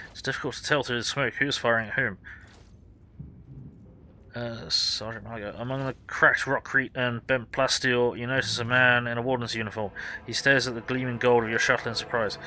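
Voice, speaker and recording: A man's voice: mid-range voice, steady tone, normal speed, pushed and bright, low-quality recording. A man playing through a role-playing game, reading the story text aloud and swearing at times.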